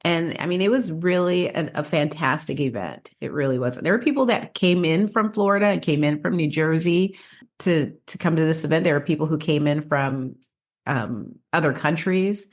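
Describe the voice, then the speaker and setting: Chatty low-voiced woman podcaster. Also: moderate pace. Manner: chatty storyteller with frequent restarts and laughs. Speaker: podcast co-host. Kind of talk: casual podcast chat.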